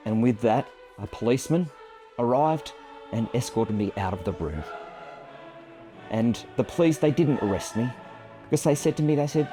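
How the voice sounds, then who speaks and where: A man's voice: medium pitch, normal speed, music in the background. A man in his fifties, a photographer, telling a personal story to camera in a reflective, self-deprecating way.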